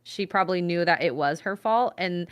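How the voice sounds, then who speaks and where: A woman in casual chat on a stream, reacting with sympathy and quick expressive exclamations. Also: lowish voice, smooth. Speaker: stream co-host.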